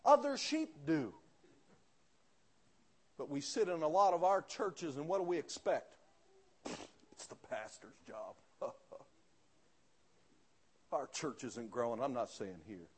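A pastor preaching a sermon, telling a story with quoted dialogue and rising to fervent outbursts. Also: male voice, mid-range voice, unhurried, pauses often, breathy edge.

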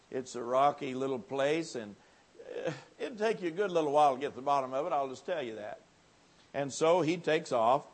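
Folksy preacher swinging soft to loud. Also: male voice, a little high. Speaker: evangelist preaching a revival. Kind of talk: revival sermon. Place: church.

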